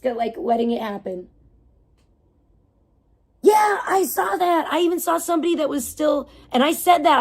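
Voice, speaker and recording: This woman's fairly high, darkish voice carries an indignant, casual rant as she livestreams and reads out her chat. She swears heavily and rambles, full of fillers and false starts.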